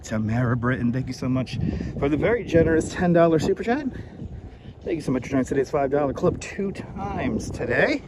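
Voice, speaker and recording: Slightly high New guy, a bit winded, live-streaming a beach walk on a wireless mic with wind noise. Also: animated, brisk. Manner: chatty, greets viewers by name. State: a little out of breath from walking fast. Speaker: livestream host. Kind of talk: live walking stream, greeting chat. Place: outdoors on a windy beach. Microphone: wireless clip-on mic.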